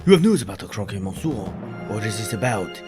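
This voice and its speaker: A man's voice: sing-song, brisk, over music. A man doing a grave, stern bird inspector. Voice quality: low, put-on accent.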